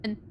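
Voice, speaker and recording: Chatty young woman streaming a game. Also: slight background noise. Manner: rambling, chatty, laughs often. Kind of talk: casual let's-play chat.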